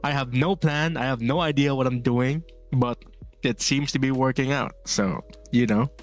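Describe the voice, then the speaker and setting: A man from the Philippines chatting easily as he draws on stream, loose and rambling with frequent laughs. His voice sits in a middle pitch, and faint music plays under him. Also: normal speed. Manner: relaxed, rambling, laughs often, reads chat aloud. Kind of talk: casual chat while drawing.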